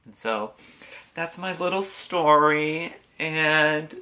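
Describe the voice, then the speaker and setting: A man's voice: fairly high pitch, expressive, slow, bright, forceful tone. A young man candidly telling an emotional personal story to camera, swearing casually. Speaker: vlogger.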